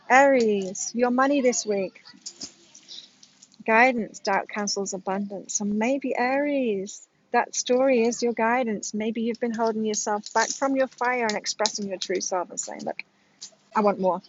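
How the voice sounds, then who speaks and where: A woman's voice: fairly high pitch, moderate pace, dull audio, slight background noise. A woman in her late forties telling a personal story to her viewers in a candid, casual way, often checking in with "right?", as an astrology reader. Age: 40s. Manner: candid, frank, addresses viewers directly with "right?".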